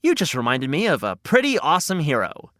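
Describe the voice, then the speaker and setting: A man hosting a children's storytelling podcast, talking in a bright, animated, playfully bewildered way. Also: fairly high pitch, a little fast, no echo, clean studio sound.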